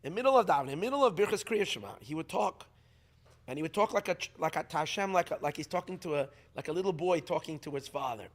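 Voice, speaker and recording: A middle-aged man with a somewhat high voice gives an unscripted storytelling talk as a rabbi. His delivery is animated and emphatic. He often doubles back, repeating words as he builds a point. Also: quick pace. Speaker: rabbi teaching at a community gathering.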